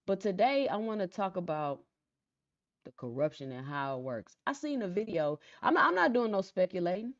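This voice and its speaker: A woman hosting a casual live stream who chats with viewers, reads out their comments and often repeats her phrases in a calm, low-key way. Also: normal speed, no echo. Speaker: livestream host. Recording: dull lo-fi sound, dry.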